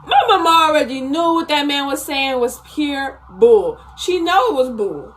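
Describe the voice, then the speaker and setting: A woman's voice: high voice, lively intonation, moderate pace. A young woman telling a storytime vlog in an indignant, sassy way, with asides to her viewers. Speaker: vlogger.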